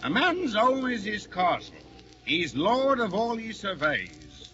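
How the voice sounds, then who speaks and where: A man's voice: fairly high pitch, very animated, moderate pace, sharp tone, faint music behind. An actor playing a pompous, grumbling working-class husband who lectures his wife, in 1940s radio acting. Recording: muffled 1940 radio broadcast with hiss.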